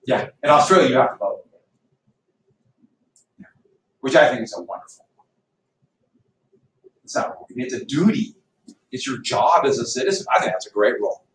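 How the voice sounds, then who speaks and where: A man's voice: medium pitch, expressive, normal speed, long pauses. A male history teacher lecturing a class in a chatty, teasing way. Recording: echoey classroom from far off, faint noise.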